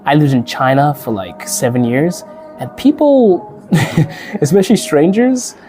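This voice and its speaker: Chatty man with a warm voice. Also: on the high side, animated, unhurried, faint music behind. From Africa. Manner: chatty, laughs often, acts out quoted people. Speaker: podcast host and teacher. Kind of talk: casual chat to camera.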